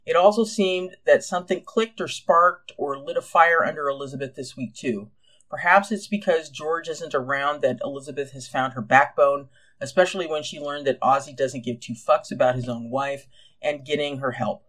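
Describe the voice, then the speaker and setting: A man's voice: on the high side, a bit bright. A man co-hosting a podcast, reading listener comments and chatting playfully about a TV drama. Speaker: podcast co-host.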